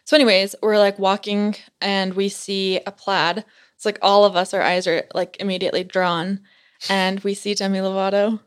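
A young woman chats on a podcast as a guest, giggling often as she tells her story. Her voice sits at a middle pitch for a woman, and she talks at an easy, casual pace. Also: level tone, moderate pace, smooth. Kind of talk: casual chat.

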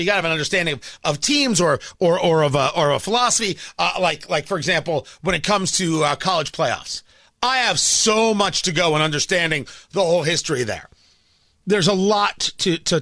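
A man's voice: high voice, bright, forceful tone, no room sound, studio quality. A male talk radio host delivering a combative, ranting opinion monologue, often stumbling and repeating words.

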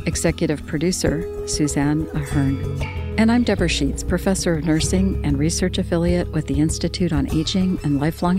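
A woman hosting a podcast, reading scripted narration and credits in a measured, earnest way. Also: deep voice. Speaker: podcast host and nursing professor. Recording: voice over guitar music.

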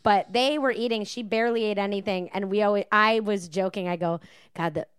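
A woman tells server stories on a podcast, bouncing her voice around as she imitates customers and laughs often. Her voice sits at an ordinary middle pitch. The sound is close and dry, with no room around it. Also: fairly quick, smooth, no echo. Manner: animated storyteller, mimics customers, laughs often. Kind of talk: casual chat.

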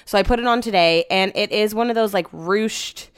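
A woman's voice: mid-range voice, quick pace, clear, resonant tone, no room sound. Chatty young woman, dry close sound. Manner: chatty, rambling, exasperated retelling. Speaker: podcaster. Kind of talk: casual chat.

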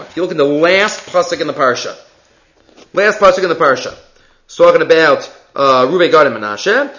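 A man teaching a Torah class in a high, lively voice that swoops up and down as he tells stories with sing-song emphasis. The recording sounds dull and lo-fi.

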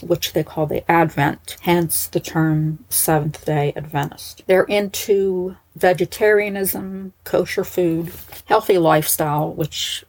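Husky-voiced woman telling a story casually, lowish voice, lots of wry asides. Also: a little mellow, poor audio. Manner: chatty, aside-prone, wry. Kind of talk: casual narration.

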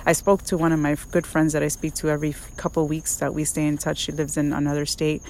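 A woman hosts a faith devotional podcast, her voice sitting a little low for a woman. She talks earnestly and chattily, full of fillers and restarts. Faint crickets chirp in the background. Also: flat delivery, fast talker, a little mellow, slight background noise. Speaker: podcast host.

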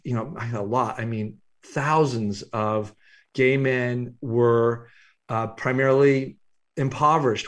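A man with a mid-range voice, appearing as an author guest in an interview, tells a reflective story. He speaks unhurriedly and haltingly, with filler words.

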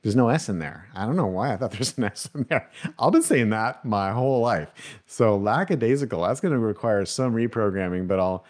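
On a solo podcast, a man with a lowish, slightly mellow voice talks briskly and with animation. He chats casually, pokes fun at his own mistakes, laughs a lot, and thinks out loud with plenty of ums and uhs.

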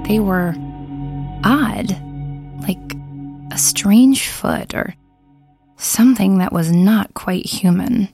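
A woman narrating a first-person horror story with a measured, brooding delivery. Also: medium pitch, darkish tone, soft background music.

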